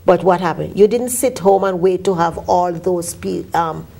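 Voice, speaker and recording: A woman's voice: on the low side, moderate pace, vocal fry. A woman with a Jamaican accent, a talk show guest, speaking in a motivational, preacherly manner. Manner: motivational, preacherly, warm-humored. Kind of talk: casual talk show conversation.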